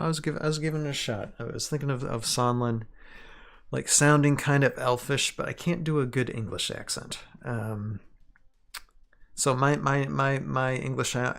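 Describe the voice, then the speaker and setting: Self-deprecating man with a gravelly voice. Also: mid-range voice, fairly bright tone. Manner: self-deprecating, many fillers and restarts. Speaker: streamer hosting a game lore reading. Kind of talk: casual livestream chat.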